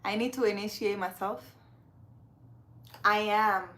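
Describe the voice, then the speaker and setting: This live-stream card reader has a mid-range, fairly bright voice with a steady, unhurried tone. She reads cards casually, greets viewers by name, and laughs frequently.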